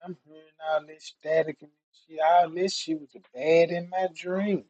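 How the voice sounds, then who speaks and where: A man streaming who tells comedic stories in an animated, profane way and laughs often. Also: a little high, moderate pace, no echo, lo-fi sound. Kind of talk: comedic storytelling rant.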